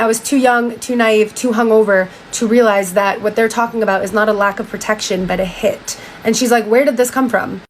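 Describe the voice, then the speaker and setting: A young woman talks into a phone mic at an everyday pitch, recapping a story in loose, chatty speech. She quotes everyone with "she's like" and throws in the odd swear. A faint hum sits behind her voice. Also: rough recording. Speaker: TikTok commentator.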